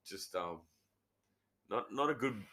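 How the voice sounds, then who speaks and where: Young Aussie guest, lowish voice, rambling crude anecdotes, lively up-and-down delivery. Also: male voice, slow, a little hiss or hum. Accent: Australian. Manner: rambling storyteller, swears, laughs. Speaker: podcast guest. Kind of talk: crude casual banter.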